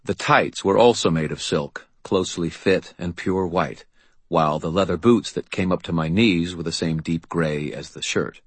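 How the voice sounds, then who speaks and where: A man's voice: low-pitched, normal speed, breathy edge, no room sound. A man narrating a first-person audiobook with a dry, wry storytelling manner.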